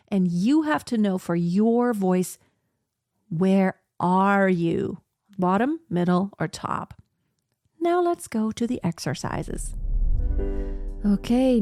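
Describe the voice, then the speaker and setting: A woman teaching a singing lesson, who explains calmly and then demonstrates scales on single syllables. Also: medium pitch, no room sound, studio quality. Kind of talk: vocal lesson with sung demonstrations.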